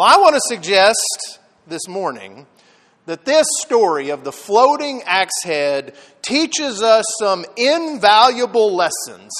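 A man preaching a sermon, telling the story with lively dramatic emphasis. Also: high voice, in a large hall. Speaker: pastor.

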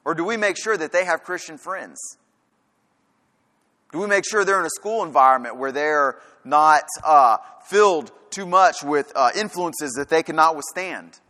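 A man's voice: fairly high pitch, moderate pace, pushed and bright. A man preaching a sermon in a church, firing rhetorical questions and hammering his points home through repetition. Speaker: pastor. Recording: long reverb of a large hall.

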